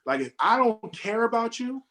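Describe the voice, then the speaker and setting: A man's voice: very high-pitched, big pitch swings, moderate pace, pushed and bright. A man co-hosting a casual film-review chat over a video call, repeating words as he builds his argument. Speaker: podcast co-host reviewing a film. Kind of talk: casual group discussion.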